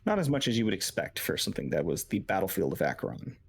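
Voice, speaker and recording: A man's voice: deep voice, big pitch swings, quick pace, creaky, husky. A man narrating as game master in a tabletop game, loose and full of fillers.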